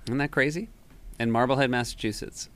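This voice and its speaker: A man's voice: mid-range voice, fairly quick, a bit bright, smooth. A man co-hosting a casual podcast, telling a story in a dry, wry way. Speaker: podcast co-host. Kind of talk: casual chat.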